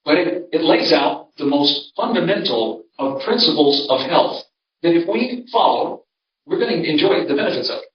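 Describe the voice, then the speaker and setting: A man's voice: on the high side, lively intonation, moderate pace, slight background noise. An older man, a pastor, giving a conversational seminar talk in a church and telling homespun stories with many restarts. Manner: conversational, storytelling, frequent restarts. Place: church hall. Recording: roomy, distant, dull sound.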